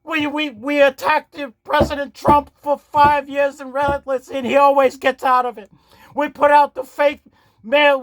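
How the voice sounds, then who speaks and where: A man doing a comic impression of a frantic elderly woman politician who rants, shouts and stammers. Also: very high voice, no room sound. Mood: ranting.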